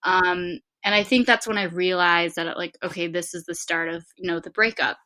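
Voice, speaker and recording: Guesting on a podcast, a twenty-something San Diego woman chattily recounts a personal story, saying "like" constantly. She speaks at a normal speed with a fairly low pitch and a steady tone that sounds pushed and bright.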